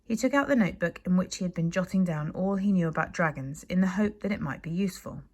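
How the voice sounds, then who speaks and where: Lively woman teacher reading a story aloud. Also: lowish voice, fast, hardly any pauses. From United Kingdom. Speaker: primary school teacher. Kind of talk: reading a children's book aloud to a class.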